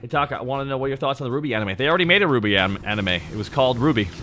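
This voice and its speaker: A man in his thirties with a naturally deep voice, chatting casually and teasingly with his stream audience, close to the mic. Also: animated, racing, sharp tone, faint music behind. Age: 30s. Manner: joking, teasing, talks straight to chat. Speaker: VTuber streamer. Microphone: close to the microphone.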